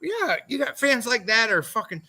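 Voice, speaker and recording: A man's voice: very high voice, sing-song, moderate pace, pushed and bright, poor audio. A man, a former motorcycle racer, telling rambling, profanity-laden stories as a podcast guest. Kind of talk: casual storytelling interview.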